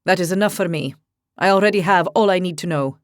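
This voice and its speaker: A woman's voice: fairly low pitch, fast talker, no echo, studio quality, close to an everyday voice. A woman voicing proud male dragon kings in a haughty, assured manner.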